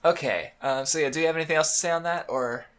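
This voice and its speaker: Rambling young man, bright voice. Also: on the high side, fast talker. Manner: rambling, many fillers and restarts. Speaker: podcast co-host. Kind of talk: casual manga discussion podcast.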